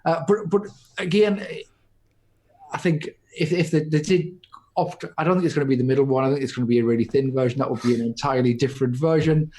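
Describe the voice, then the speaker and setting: A man's voice: medium pitch, fast talker, darkish tone. A man co-hosting a podcast, chatting casually and rambling with many restarts. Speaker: podcast co-host. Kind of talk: casual chat.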